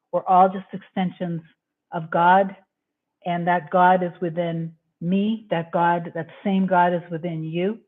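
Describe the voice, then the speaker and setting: A woman coaching on a casual live-stream Q&A, talking in a rambling, effusive and heartfelt way. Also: fairly low pitch. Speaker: manifestation coach. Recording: tinny phone-like audio.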